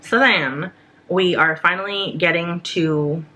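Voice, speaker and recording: Young woman, bright tone, lowish voice, casual storytime, animated, swears a lot. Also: slow, slight background noise. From United States. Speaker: vlogger.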